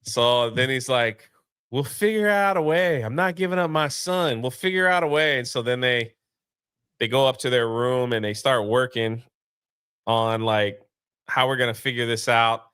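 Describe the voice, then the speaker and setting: A man's voice: mid-range voice, normal speed, clean tone, dry recording, clean studio sound. A man co-hosting a casual movie review, retelling scenes animatedly and acting out the characters' lines. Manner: animated retelling with quoted voices. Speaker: podcast co-host.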